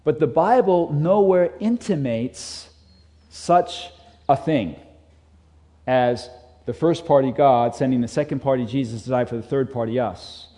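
A man's voice: mid-range voice, unhurried, warm tone. A man preaching a sermon, emphatic and repeating his key phrases, reading scripture aloud to a congregation. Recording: long hall reverb.

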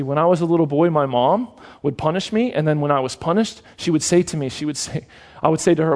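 High-voiced earnest male preacher. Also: fast talker, hardly any pauses, a little mellow. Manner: earnest, repeats himself for emphasis. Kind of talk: sermon.

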